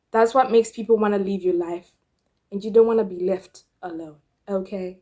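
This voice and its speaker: A young Zimbabwean woman with a Zimbabwean accent, giving blunt, sassy opinions straight to viewers in a casual vlog. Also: fairly high pitch. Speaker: YouTuber.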